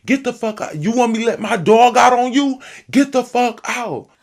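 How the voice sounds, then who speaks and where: A woman's voice: fairly high pitch, lively intonation, moderate pace, gravelly, a little mellow. A woman voicing an aggressive, hot-tempered young man who curses, threatens and boasts about his rapping. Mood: furious.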